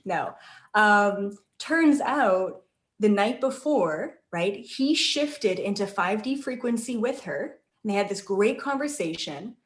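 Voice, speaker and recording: A woman's voice: mid-range voice, animated, slow pace. A woman guest telling a story in a chatty, conversational way, often checking in with tag questions. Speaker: intuitive channeller guest. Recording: roomy echo.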